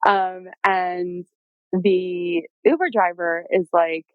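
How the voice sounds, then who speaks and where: A woman with a fairly low voice tells her story casually, filling her talk with "like" and "um" and acting out what people said. The sound is close and dry, with no room around it. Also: takes it slowly, no echo, phone-quality sound. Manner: chatty, lots of "like" and "um", animated quoting. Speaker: podcast guest telling her birth story.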